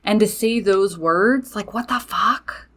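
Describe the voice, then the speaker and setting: Animated, swearing woman telling her story. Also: mid-range voice, slow. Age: adult with children. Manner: animated, swears freely, talks straight to listeners. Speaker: podcast host. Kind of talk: casual personal storytelling.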